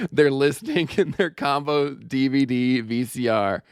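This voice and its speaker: Male podcast host, lively swinging delivery, jokey and fast-talking, close dry mic. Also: medium pitch, clean tone, dry recording. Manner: jokey, animated, laughs often, quick asides. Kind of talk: casual chat.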